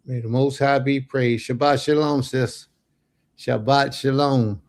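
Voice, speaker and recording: A man hosting a religious livestream, animated and folksy, giving blessings and chatting with his viewers. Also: mid-range voice, measured pace. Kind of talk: casual livestream chat.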